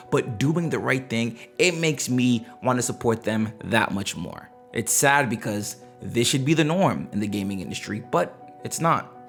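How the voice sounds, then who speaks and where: A man delivering casual gaming commentary in a blunt, slangy way. He rants with animated emphasis in a mid-pitched voice. Faint music plays under him.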